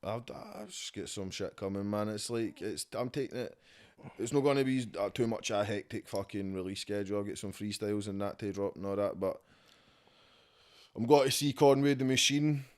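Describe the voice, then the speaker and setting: A man's voice: lowish voice, moderate pace, a little mellow. A man with a Scottish accent, chatting casually as a rapper guest on a podcast at his home, laid-back and swearing often.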